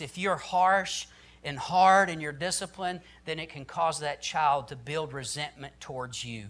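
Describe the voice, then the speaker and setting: A man's voice: a little high, sharp tone. A man preaching a sermon on parenting, emphatic, often saying "listen" and "I'm telling you".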